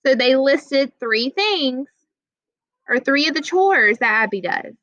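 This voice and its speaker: A woman teaching a classroom grammar lesson, plainly explaining rules and slowly reading out example sentences. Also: high-pitched, lively intonation, pushed and bright, dry recording, highs cut off.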